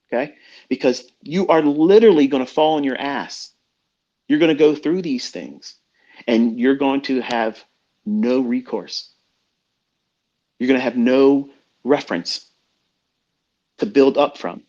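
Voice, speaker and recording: A man's voice: mid-range voice, unhurried, pauses often, darkish tone. A middle-aged man talking as a trading mentor in a blunt, profane, preachy rant. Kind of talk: unscripted rant. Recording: dull lo-fi audio.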